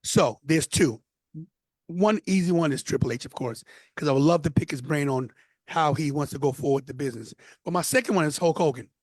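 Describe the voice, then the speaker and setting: A man from New York, a podcast guest, telling stories in an animated, casual way. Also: a little high, a little fast, dry recording. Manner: animated storyteller. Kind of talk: casual interview.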